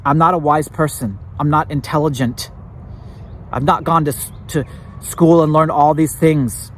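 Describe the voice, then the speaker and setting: A man's voice: a little high, fairly even intonation, measured pace, slight background noise. A man hosting a church talk show, preaching casually to his viewers and repeating his slogans with emphasis. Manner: emphatic, repeats slogans, laughs at own lines.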